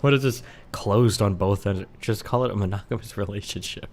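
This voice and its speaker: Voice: deep voice, a little fast, slight background noise. A streamer giving casual, sarcastic and profane commentary while reacting to a video. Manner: sarcastic and profane, mocking what is played.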